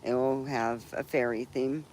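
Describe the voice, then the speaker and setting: A woman's voice: very deep voice, steady tone, unhurried, darkish tone. Rambling cheerful woman outdoors. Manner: rambling and cheerful, with frequent laughs and restarts. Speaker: live-stream host. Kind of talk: casual live-stream chat. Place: outdoors in a backyard under a tree. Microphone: phone live stream. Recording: noisy outdoor phone stream. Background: birds and chickens around.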